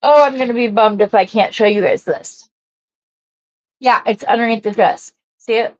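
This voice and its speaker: A woman's voice: fairly high pitch, normal speed, lo-fi sound. A woman hosting a jewelry-making live stream, chatting casually and rambling as she greets viewers and works.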